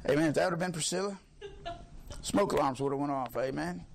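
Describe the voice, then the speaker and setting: A man preaching a sermon, fiery, swinging from low talk to high shouts. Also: fast, gravelly, a little hiss or hum.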